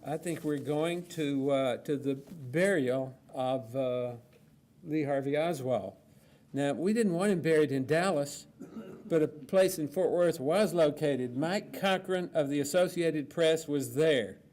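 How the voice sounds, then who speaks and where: A man moderating a panel, reading an account aloud in a steady, plainspoken way with frequent fillers. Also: fairly high pitch, measured pace.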